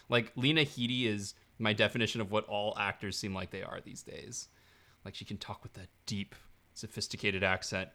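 A man's voice: lowish voice, steady tone, a little fast, pushed and bright. A man co-hosting a podcast in casual chat, hesitant and agreeable, often trailing off. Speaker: podcast co-host.

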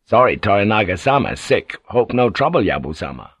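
A man doing a weary, halting sea pilot. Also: on the low side, sing-song, a bit bright, husky, dry recording, exaggerated voice. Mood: shaken. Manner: slow, halting and apologetic. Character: weary, guarded seafaring male pilot.

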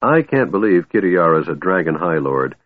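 A man's voice: sits low, sing-song, normal speed, dry recording, narrow, tinny audio. A man doing an impish kender. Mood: eager. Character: impish young male kender, curious and chatty.

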